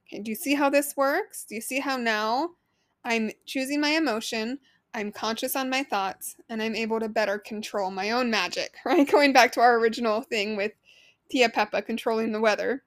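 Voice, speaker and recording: A woman's voice: fairly high pitch, normal speed, no room sound, clean studio sound. A woman in her thirties hosting a solo podcast as a life coach, talking earnestly and conversationally and asking the listener questions.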